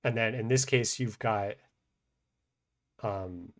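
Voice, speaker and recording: Low-voiced man explaining grammar casually. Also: slow pace. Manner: thinks aloud with many fillers and restarts. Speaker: language teacher.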